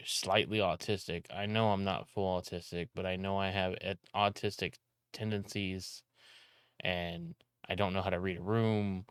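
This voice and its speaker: Loud rambling man, smooth low voice. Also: dry recording, clean studio sound. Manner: loud, rambling, with frequent restarts and swearing. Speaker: content creator and video editor. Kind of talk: casual vlog rant.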